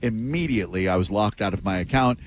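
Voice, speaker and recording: A man's voice: on the low side, quick pace, slight background noise. A man on a radio show, telling a story against himself in casual banter with his co-hosts. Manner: self-deprecating storyteller, plays voices in anecdotes. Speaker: radio host.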